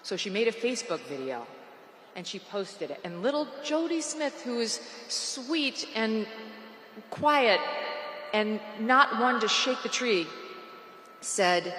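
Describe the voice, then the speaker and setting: A woman's voice: fairly high pitch, very animated, takes it slowly, fairly bright tone, a little hiss or hum. A woman giving a political rally speech in a large venue, with a mocking, sarcastic and punchy delivery. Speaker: rally speaker. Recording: echoey arena PA reverb.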